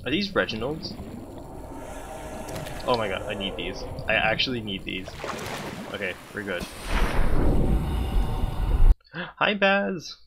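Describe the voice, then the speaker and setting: A man's voice: on the low side, expressive, moderate pace, long pauses, noisy background. A man giving loose, joking let's-play commentary while he plays. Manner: rambling, joking asides. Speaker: gamer. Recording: loud game sounds behind.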